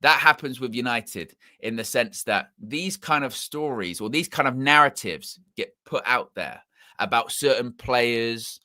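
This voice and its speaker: This man's mid-range voice sounds pushed and bright as he hosts a football fan stream in a relaxed live chat. His accent is a mix of English influences, and he wanders and restates things as he fixes what he said. The sound is clean studio audio with no room tone.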